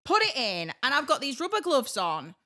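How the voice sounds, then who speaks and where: A woman co-hosting a chatty podcast, her voice bright and a little high, and her pitch swinging widely as she tells a story. She talks in a lively, animated way and laughs through her words. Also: moderate pace. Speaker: podcast co-host. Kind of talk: casual storytelling chat.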